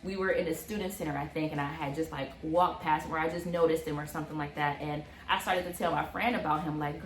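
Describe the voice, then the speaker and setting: A young woman in her twenties, casually telling a personal story on a couple's vlog, animated and full of fillers. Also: sits low, quick pace, hardly any pauses, echoey room. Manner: animated, many fillers, acts out quotes. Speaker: vlog co-host.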